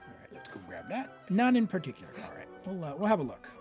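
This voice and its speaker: Excitable man streaming gameplay. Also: high voice, quick pace, soft background music. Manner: excitable, talks to game characters, laughs often. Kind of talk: live gameplay commentary.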